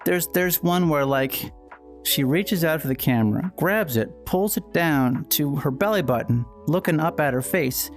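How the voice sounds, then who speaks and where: A woman's voice: sits low, lively intonation, moderate pace, soft background music. A woman hosting a casual livestream at home while playing VR, rambling and playful with frequent restarts. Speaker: livestream host.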